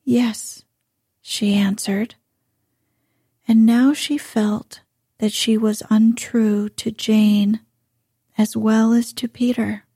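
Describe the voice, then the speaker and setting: A woman reading a bedtime story aloud in a soft, hushed, drawn-out delivery. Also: fairly high pitch, little pitch movement, breathy edge, no echo, studio quality.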